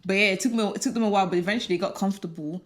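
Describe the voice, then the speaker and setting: A young woman in her twenties with a British accent, co-hosting a casual chat podcast and telling stories in a rambling, animated way with many restarts. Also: medium pitch, rapid-fire. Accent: British English. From Nigeria. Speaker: podcast co-host.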